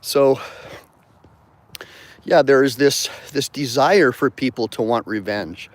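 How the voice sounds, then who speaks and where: Man, attorney host, casual livestream talk, walking outdoors, mid-pitched, digressive, thanks viewers. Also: slow, no echo.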